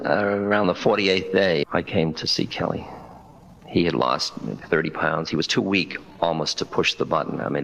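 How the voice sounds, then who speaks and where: Low-voiced older man telling stories. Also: gravelly, fairly bright tone, muffled recording. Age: 60s. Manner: conversational, wry, quotes dialogue in stories. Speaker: spiritual teacher. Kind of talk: public talk with storytelling. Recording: 1992 lecture recording.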